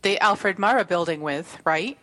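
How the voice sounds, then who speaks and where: A woman hosting a casual chat show, reading out chat messages and reacting quickly. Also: fairly low pitch, pushed and bright. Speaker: podcast host.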